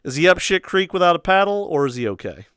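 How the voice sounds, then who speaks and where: Rambling, animated young-sounding male streamer. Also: high voice, fast talker, clean tone, no room sound, studio quality. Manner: rambling, animated, laughing, cursing. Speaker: livestream host. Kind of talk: casual storytelling chat.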